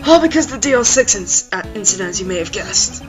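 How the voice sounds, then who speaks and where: A woman's voice: mid-range voice, animated, fast talker, faint music behind, close to an everyday voice. A woman voicing an older male lawyer with a put-on Southern US accent, fatherly, fussy and old-fashioned in speech. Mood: troubled.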